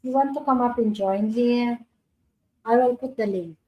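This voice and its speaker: A woman's voice: on the high side, normal speed, highs cut off. A Filipina woman, hosting a casual live-stream chat, talking in an insistent, questioning way with grammar. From Philippines. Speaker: livestream host.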